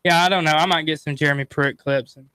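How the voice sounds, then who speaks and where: A man's voice: fairly high pitch, steady tone, fast, background noise. A man co-hosting a sports radio show, chatting casually and laughing often.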